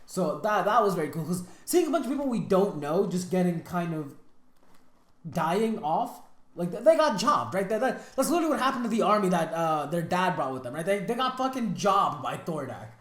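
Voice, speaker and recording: A woman's voice: fairly low pitch, big pitch swings, brisk. A woman hosting a reaction video, talking in casual, exasperated commentary with lots of restarts and slang. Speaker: reaction channel host. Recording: roomy echo.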